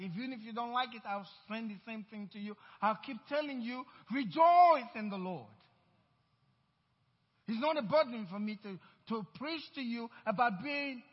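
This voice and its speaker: A man's voice: very high voice, husky. A male pastor preaching a sermon, emphatic, repeating his lines and drawing out key words. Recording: dull recording in a reverberant church hall.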